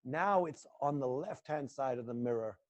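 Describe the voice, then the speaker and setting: A male acting teacher guiding students through an intense exercise, swinging between low muttered lines and loud coaching. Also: expressive, moderate pace. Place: indoor room.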